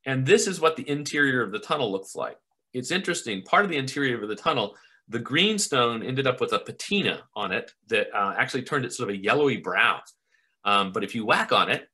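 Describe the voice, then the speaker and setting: Man, middle-aged, geology professor, bright voice, enthusiastic, conversational lecture, video call. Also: mid-range voice. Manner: enthusiastic, conversational, asks rhetorical questions. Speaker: geology professor, webinar presenter.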